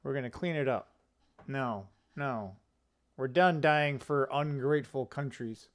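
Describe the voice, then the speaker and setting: A man hosting a casual political commentary vlog, rambling and opinionated, with quick asides and self-corrections. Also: mid-range voice. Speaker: political commentary channel host.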